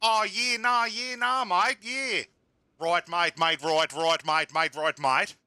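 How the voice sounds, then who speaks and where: A man's voice: high voice, steady tone, takes it slowly, pushed and bright, smooth, no echo, clean studio sound, pitched above the performer's own voice, full character voice. A man voicing a cheery young male Australian racing driver in a mock Australian accent, chirpy and full of yeah nah and mate.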